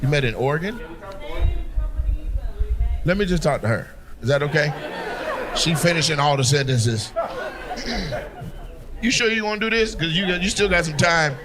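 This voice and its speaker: A man's voice: fairly high pitch, lively intonation, moderate pace, pauses often. A man doing teasing, profane crowd work as a stand-up comedian on a club stage. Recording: live show with crowd noise. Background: audience laughter.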